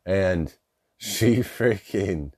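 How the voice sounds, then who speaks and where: A man's voice: low-pitched, lively intonation, extremely slow, a little mellow, husky. A young man casually telling family stories, rambling, swearing and laughing as he goes. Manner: rambling, profane, laughs through his stories. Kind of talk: casual storytelling.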